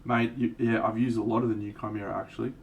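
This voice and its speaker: A man paints miniatures on a live stream and explains his colours in casual tutorial talk. He's relaxed and rambling, with self-mocking asides, speaking fast in a lowish, creaky voice. The mic is distant, with faint background noise.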